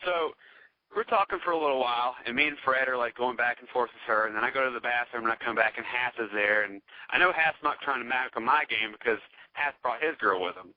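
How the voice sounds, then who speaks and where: A man's voice: mid-range voice, quick pace, dry recording. A man with a Southern US accent from North Carolina, rambling through a profane story as a podcast guest. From Charlotte, North Carolina. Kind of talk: casual storytelling chat. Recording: dull, dry podcast audio.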